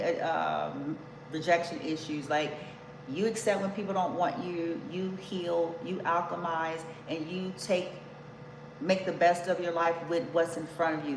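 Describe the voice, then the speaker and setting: A woman giving a casual tarot reading, talking bluntly and emphatically and swearing freely. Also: low-pitched. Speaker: tarot reader. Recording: echoey room with background noise.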